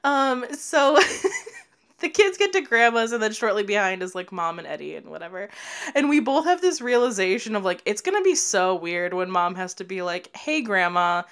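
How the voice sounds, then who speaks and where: A woman's voice: medium pitch, sing-song, moderate pace, a bit bright, clean tone. A woman co-hosting a podcast, casually recapping a movie, laughing often and swearing as she acts out lines. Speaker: podcast co-host.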